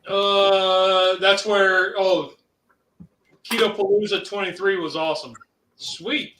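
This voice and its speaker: A man from Ohio co-hosting a casual cooking show, talking in a rambling, halting way with many fillers. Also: high voice, steady tone, bright, forceful tone, a little hiss or hum. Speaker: co-host. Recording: roomy sound, mic at a distance.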